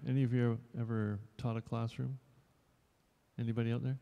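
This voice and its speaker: Speaking in a showroom with long reverb, a chatty actor in his fifties rambles and jokes with a live audience. His medium-pitched voice is dark and creaky, delivered flatly and briskly, with long pauses between thoughts.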